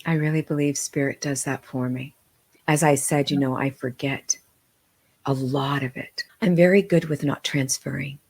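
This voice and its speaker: A middle-aged woman, a guest on a podcast, telling personal stories in an earnest, heartfelt way with halting restarts. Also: very deep voice. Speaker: podcast guest, medium and author. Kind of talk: emotional personal storytelling.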